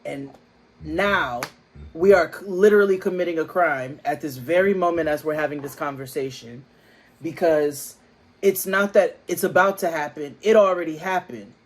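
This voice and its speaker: A man's voice: a little high, normal speed. A man co-hosting a casual TV recap chat who laughs easily and riffs on the scenes. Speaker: co-host of a TV recap show.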